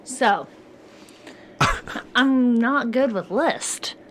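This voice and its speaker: Giggly, slow-talking woman co-host. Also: fairly high pitch, slight background noise. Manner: giggly, easily amused. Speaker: podcast co-host. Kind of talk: casual chat.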